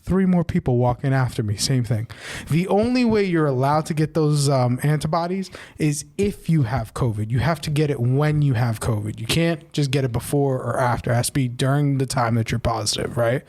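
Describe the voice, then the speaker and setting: A man's voice: mid-range voice, fairly quick. A man co-hosting a podcast, telling a long personal story in casual chat and tagging on "right?" a lot. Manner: animated, repeats "right?" often, acts out quoted voices. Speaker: podcast co-host.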